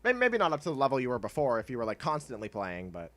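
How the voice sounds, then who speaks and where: A man streaming a game, chatting casually with his viewers in a laid-back, rambling way and laughing often, with soft music playing behind him. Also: medium pitch, huge pitch swings, fast. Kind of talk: casual chat while gaming. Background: soft chill music.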